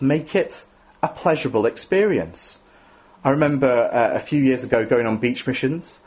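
A man's voice: on the high side, darkish tone. A man giving a sermon in a conversational, self-deprecating way, often adding tag questions. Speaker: preacher.

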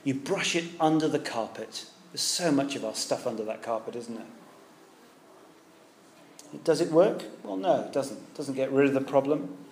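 A man's voice: medium pitch, animated, normal speed, darkish tone, a little hiss or hum. Preacher man in an echoey hall. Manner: conversational, rhetorical questions, occasional restarts. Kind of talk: sermon. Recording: echoey room with faint ambience.

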